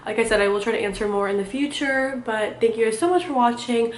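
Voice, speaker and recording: A young woman vlogger chatting casually about her gym routine, rambling and halting with lots of fillers, a little out of breath. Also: on the high side, roomy sound, slight background noise. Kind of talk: casual chat.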